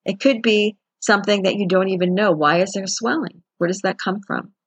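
A woman's voice: medium pitch, a little fast, breathy edge, no echo. A woman giving a chatty, conversational self-help talk as a wellness teacher. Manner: chatty, conversational, acts out quotes with laughs.

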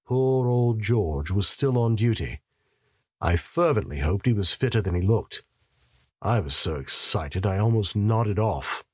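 Male first-person narrator, low and husky, wry and sardonic, lively delivery. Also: no echo, studio quality.

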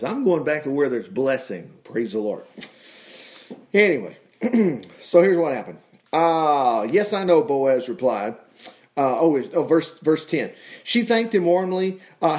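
A man's voice: fairly high pitch, a little mellow. A middle-aged man preaching, reading scripture aloud with folksy asides and exclamations of praise. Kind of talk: folksy Bible-reading sermon.

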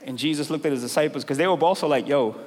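A middle-aged man preaching a sermon in a church, talking casually with slang, then rising to loud, emphatic points. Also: on the high side, very fast. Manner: conversational preaching with slangy asides, building to loud emphatic peaks. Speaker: pastor. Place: large church hall with congregation. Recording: long hall reverb, crowd faintly behind.

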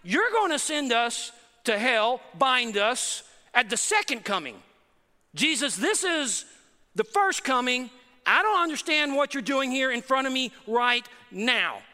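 A man's voice: very high voice, very animated, a little slow, pushed and bright, long reverb tail, heavily acted. A man voicing a confused male demon who pleads and questions in bewilderment, retold in a sermon. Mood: confused pleading.

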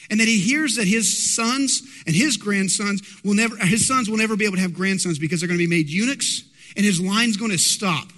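A man's voice: sits high, fairly quick, bright, forceful tone. A man preaching a sermon as pastor, emphatic and asking the congregation rhetorical questions. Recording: long hall reverb.

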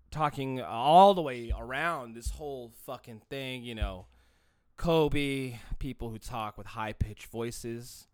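A man ranting through a solo podcast monologue, profane and rambling, restarting his sentences often. His pitch swings up and down with lively energy. The sound is dry and close, with no room around it. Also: no echo. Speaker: podcast host.

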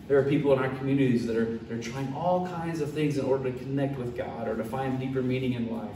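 Animated male preacher in an echoey room. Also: medium pitch, brisk, a little hiss or hum. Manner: animated, acts out quotes in character voices. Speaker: pastor. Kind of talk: sermon retelling a Bible story. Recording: echoey room, mic at a distance, faint ambience.

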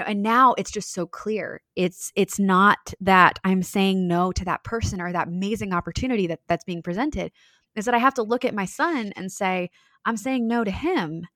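A woman's voice: medium pitch, fairly bright tone, dry recording. Earnest woman, dry close sound. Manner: earnest, reflective, many fillers. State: briefly tearful. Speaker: guest. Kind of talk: heartfelt podcast conversation.

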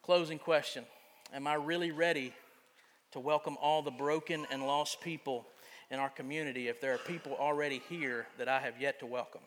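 A man preaching a sermon as pastor in a church, earnest, moving between loud emphasis and quiet confiding. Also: on the high side, fairly even intonation, a little fast, a little hiss or hum. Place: church sanctuary. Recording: long church reverb.

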